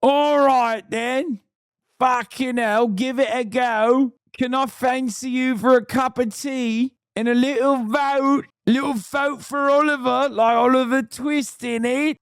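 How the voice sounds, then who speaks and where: A man doing a high, exaggerated British accent as a rowdy, swearing young British man. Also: fairly even intonation, slow pace, smooth, no room sound, studio quality, full character voice. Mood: rowdy, teasing. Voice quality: high, shouty.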